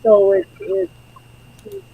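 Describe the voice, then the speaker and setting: A woman's voice: takes it slowly, a little hiss or hum. A woman hosting a live spiritual chat, talking casually about energy and protection, heard through dull lo-fi stream audio.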